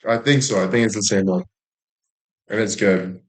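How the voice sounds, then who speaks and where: A man's voice: lowish voice, normal speed. A young man chatting casually to his audience, rambling and making crude jokes.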